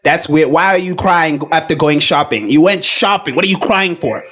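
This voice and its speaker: A man's voice: on the high side, moderate pace. A man hosting a reaction video, talking in a blunt, incredulous way, often repeating himself. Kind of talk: casual commentary.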